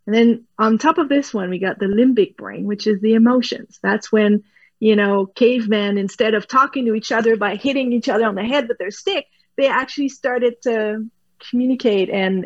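Animated, laughing woman explaining in an interview. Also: medium pitch, no echo, lo-fi sound. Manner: animated, laughs often, repeats words while explaining. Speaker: guest expert.

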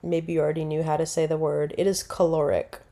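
Woman, casual podcast host, rambling, self-correcting, slightly low voice. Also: little pitch movement, quick pace, mellow. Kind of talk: casual solo podcast talk.

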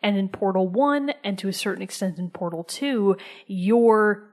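A woman's voice: medium pitch, moderate pace. Chatty enthusiastic woman, casual talk. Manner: enthusiastic, conversational, drops to a soft whisper for emphasis. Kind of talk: casual chat.

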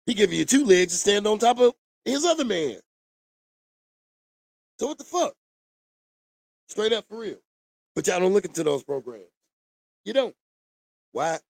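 A man's voice: high voice, dry recording. A man ranting to the camera in a blunt, profane, preachy monologue. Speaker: vlogger. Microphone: camera mic.

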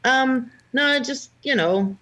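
A woman's voice: high voice, slow pace. A woman co-hosting a podcast in casual chat. She tells stories and laughs at herself. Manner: lively storyteller, laughs at herself. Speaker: podcast co-host.

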